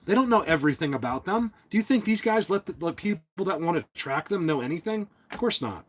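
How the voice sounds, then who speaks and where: A man with a New Jersey accent hosting a live stream, talking emphatically, yelling at times and stumbling over restarts. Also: on the high side, expressive, quick pace, a little hiss or hum. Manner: emphatic, yells, stammering restarts. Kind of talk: excited live-stream talk. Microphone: phone at a desk.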